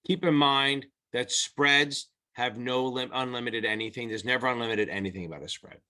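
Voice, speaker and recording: A middle-aged male tutor walks through exam material in a loose, unscripted way, blunt and salty with his language. His voice is bright and forceful, and he keeps circling back to restate his points. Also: mid-range voice, moderate pace. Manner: blunt, profane, rambling explanations. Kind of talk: casual whiteboard lesson.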